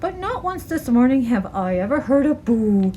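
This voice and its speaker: A woman doing a calm mooing cow. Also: high voice, moderate pace, slight background noise. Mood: easygoing.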